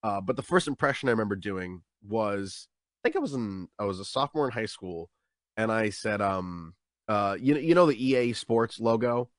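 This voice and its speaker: A man's voice: moderate pace, dry recording, clean studio sound. A young man, a stand-up comedian, chatting casually in an interview and acting out what people say to him. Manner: animated, acts out quotes with jumps in pitch.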